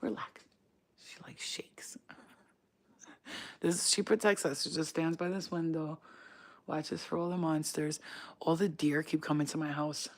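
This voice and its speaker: A woman's voice: deep voice, steady tone, normal speed. A woman vlogger chatting casually to her viewers, rambling in slang and sliding into baby talk with her dog. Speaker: spiritual vlogger. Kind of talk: casual chat to camera.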